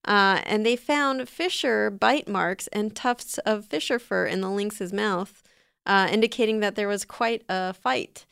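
A woman's voice: mid-range voice, unhurried, vocal fry, a bit bright, smooth, no room sound, clean studio sound. A woman hosting a podcast in casual chat, playful and chatty, laughing often, with fillers. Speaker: podcast host.

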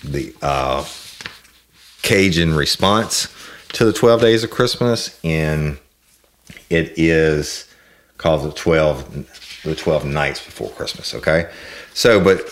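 A man's voice: rumbling low, takes it slowly, pauses often. A man hosting a podcast, chatting to listeners in a folksy, self-deprecating way. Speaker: podcast host. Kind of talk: casual chat to listeners.

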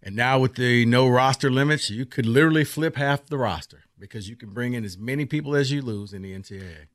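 A male sports radio co-host tossing in quick, matter-of-fact points. His pitch sits mid-range. The sound is dry and close-miked. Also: dry recording. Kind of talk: sports talk radio banter. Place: radio studio.

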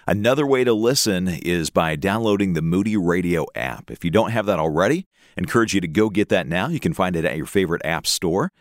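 Deep-voiced male radio announcer. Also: no echo, clean studio sound. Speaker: radio program host.

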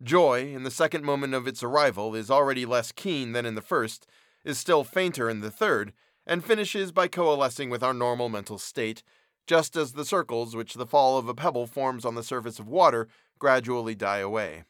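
A man narrating a classic story in an expressive, measured reading. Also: mid-range voice, no room sound, studio quality.

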